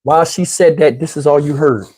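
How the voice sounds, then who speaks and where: A middle-aged man telling a comic story, animated, with loud outbursts while acting out quotes. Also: fairly high pitch, a little fast, husky. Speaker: comedian. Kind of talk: stand-up storytelling.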